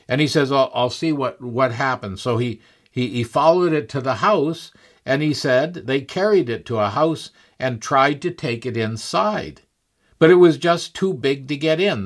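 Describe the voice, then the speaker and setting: Male preacher, mid-pitched, earnest devotional storyteller who chuckles along. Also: fairly bright tone.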